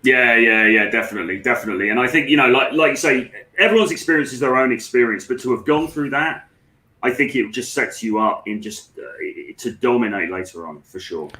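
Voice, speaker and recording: A man joins a podcast as a guest and chats along in an easygoing, agreeable way. His voice is bright and forceful, and it comes through an echoey, roomy remote recording. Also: medium pitch, fairly quick. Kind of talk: casual interview chat.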